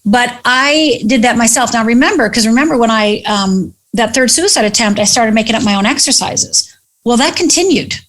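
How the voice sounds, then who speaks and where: Woman guest telling her story, slightly high voice, lively, does the voices of people she quotes. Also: normal speed. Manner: animated, acts out dialogue in quoted voices. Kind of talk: candid personal storytelling.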